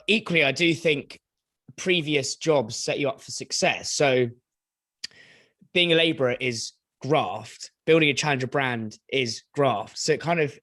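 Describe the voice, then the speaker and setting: A podcast host with a medium-pitched voice sums up what his guest has said. His tone is reflective and conversational. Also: fairly bright tone. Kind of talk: conversational interview.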